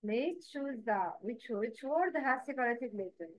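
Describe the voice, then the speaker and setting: Slow high-voiced woman teaching. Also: expressive, no echo. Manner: patient, asks listeners to repeat after her; counts and quizzes listeners directly. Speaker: Quran recitation teacher. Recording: dull, lo-fi dry recording.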